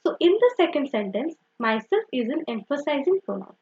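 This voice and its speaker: A young woman teaching grammar, with a high, very lively voice that jumps up and down. She explains patiently, repeating herself and filling pauses with "okay" and "so." The recording sounds dull and lo-fi. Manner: repetitive, uses "okay" and "so" often, self-correcting.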